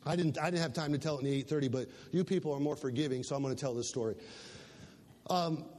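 A man preaching a sermon as pastor, emphatic, swinging between loud passages and soft ones and repeating words as he builds. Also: a little high, quick pace. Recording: long hall reverb.

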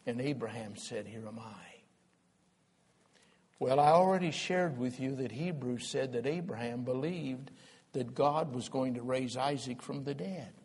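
A man pastor preaching a sermon as a story, dramatic and swinging from loud to hushed. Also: medium pitch, moderate pace, husky. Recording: long hall reverb.

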